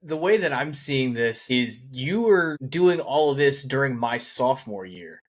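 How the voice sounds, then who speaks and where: A man's voice: mid-range voice, animated, measured pace. A man hosting a podcast, chatting easily and laughing along with his guest. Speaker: podcast host. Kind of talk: casual chat.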